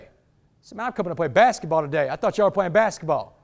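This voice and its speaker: A man with a high-pitched voice delivers a motivational talk to a football team. He tells his story in an animated, streetwise manner, often calling the listeners "man" and "y'all.". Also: fast talker, creaky. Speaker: motivational speaker. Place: indoors, speaking to a football team.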